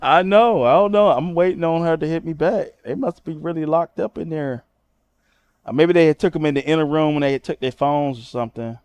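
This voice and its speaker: Loud roasting man, shrieks when mocking. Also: fairly high pitch, brisk, smooth. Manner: repeats "you know what I'm saying" often. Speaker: livestream host. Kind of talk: profane livestream roast commentary. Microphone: streaming setup at a computer.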